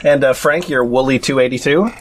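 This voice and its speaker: A man's voice: medium pitch, noisy background. A man hosting a casual comedy podcast, teasing his guests and laughing often. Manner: quick to laugh, teasing, hands the floor to guests. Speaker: podcast host.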